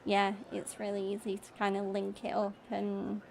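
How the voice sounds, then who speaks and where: A woman's voice: mid-range voice, completely flat delivery, moderate pace, gravelly, darkish tone, a little hiss or hum. A British woman in her twenties chatting casually over a gameplay stream, laughing often and reading viewer comments aloud. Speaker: gaming streamer.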